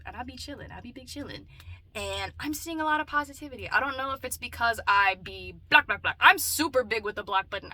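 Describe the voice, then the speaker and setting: Bright-voiced chatty woman vlogger. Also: on the high side. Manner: chatty and animated, swings between loud bursts and muttered asides. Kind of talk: casual talking-to-camera vlog.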